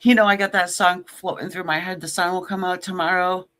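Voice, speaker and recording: Here a woman reads tarot casually for the camera, talking briskly in a fairly low, level, somewhat bright voice. She jokes bluntly, tosses in sassy remarks, and swears casually.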